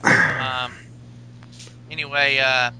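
A man's voice: mid-range voice, level tone, very slow, pushed and bright, clean tone, low-quality recording. A man co-hosting a casual podcast chat, meandering with lots of fillers and crude jokes. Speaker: podcast co-host.

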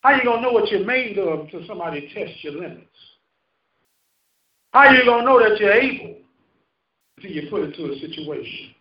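In a church sanctuary, a preacher in his fifties works through a call-and-response sermon, his delivery rising and falling for emphasis. He speaks fairly quickly and animatedly in a high voice, pausing often. The audio is muffled and roomy, recorded from afar.

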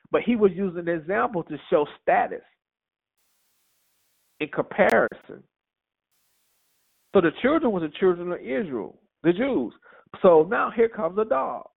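Brief: lively male Bible teacher, gravelly fry, tinny phone-like sound. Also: high voice. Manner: lively, conversational, with rhetorical questions. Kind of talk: casual Bible teaching, reading and commenting.

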